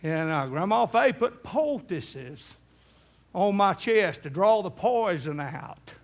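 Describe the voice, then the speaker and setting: A middle-aged man preaches in a voice pitched well above most men. He tells a story and acts out the people in it, his voice climbing toward a cry at the emotional peaks. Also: lively intonation, slow. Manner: acts out quoted voices, rising to near-shouts in emotional peaks. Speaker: evangelist. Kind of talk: sermon storytelling.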